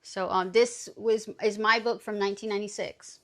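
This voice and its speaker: A woman's voice: medium pitch, steady tone, normal speed, soft background music. A woman in her thirties streaming live, chatting casually and teasing her chat, swearing freely.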